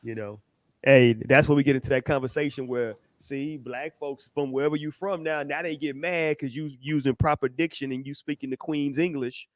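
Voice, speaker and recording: A man's voice: mid-range voice, fairly even intonation, normal speed, no room sound. A man, co-hosting a relationship podcast in laid-back, slangy, chatty talk. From Texas. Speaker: podcast co-host. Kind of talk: casual chat.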